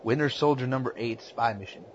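A man's voice: medium pitch, a little fast. A man casually chatting about comics, hesitant, with many stammered restarts. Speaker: comic book podcast co-host. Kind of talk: casual chat. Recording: dull lo-fi sound with faint ambient noise.

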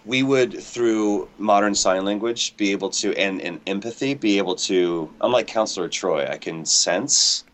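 A man talks loosely as an interview guest over an internet call, rambling and joking at his own expense from his home near an airport, aircraft faint in the background. His pitch is fairly low and his tone fairly bright, moving at a moderate pace with hardly any pauses.

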